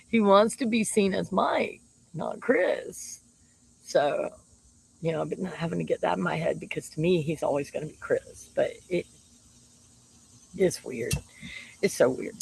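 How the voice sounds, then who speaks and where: On the low side, husky and full of vocal fry, this woman's voice is captured in a low-quality recording. A shaman, she talks to camera in a chatty, casual way about her partner and laughs a lot.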